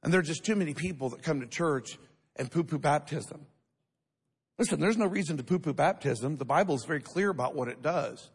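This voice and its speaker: A man's voice: fairly high pitch, expressive, brisk, husky, in a large hall. A man pastor preaching a sermon to a church congregation, emphatic and asking the crowd questions for responses. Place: church sanctuary.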